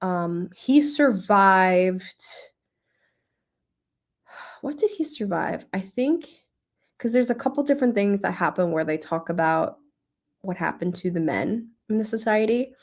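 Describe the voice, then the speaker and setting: A young woman hosting a book club, talking casually and emotionally about a novel, with many fillers and pauses to think. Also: medium pitch, animated. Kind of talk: casual book review livestream.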